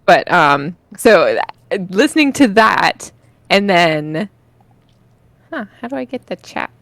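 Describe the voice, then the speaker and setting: A woman's voice: lowish voice, big pitch swings, slow pace, vocal fry, fairly bright tone, dry recording. A woman from Texas with a Texan accent tinged with British sounds, co-hosting a podcast in a chatty, rambling way and laughing often. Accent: Texan with some British influence. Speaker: podcast co-host. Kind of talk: casual chat.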